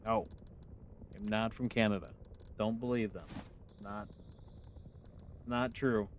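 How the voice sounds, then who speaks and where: A man's voice: on the low side, steady tone, slow pace, noisy background. A man with a northern US accent, casually chatting with his live-stream viewers while playing, answering their questions with easy laughs. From United States. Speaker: game streamer.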